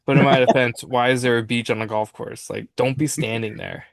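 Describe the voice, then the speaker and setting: Man, from Minnesota, podcast host, casual animated storytelling, middle pitch, dry close sound. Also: brisk, creaky, no echo. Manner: animated storyteller who acts out quoted friends. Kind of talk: casual chat.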